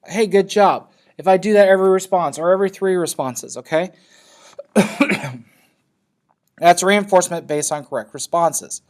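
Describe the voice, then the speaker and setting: A man's voice: sits high, moderate pace, long pauses. A man teaching a class in a loose, conversational lecture, often checking in with his students. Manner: loose, checks in with frequent "okay?".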